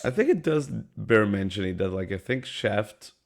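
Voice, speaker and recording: A man's voice: on the low side, expressive, moderate pace. A man co-hosting a casual podcast with a stuffy, slightly sick voice, loose and offhand, swearing casually. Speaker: podcast co-host.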